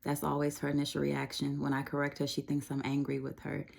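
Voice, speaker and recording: A woman sharing a casual devotional message, conversational and reassuring, with frequent fillers and soft laughs. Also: deep voice, monotone, fast talker, vocal fry. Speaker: Christian devotional speaker.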